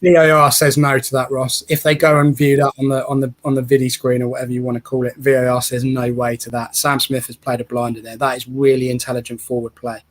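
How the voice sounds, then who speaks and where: Excitable football fan commentator. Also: male voice, medium pitch. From England. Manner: excitable, chatty, quick to cheer and tease. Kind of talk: casual live match commentary.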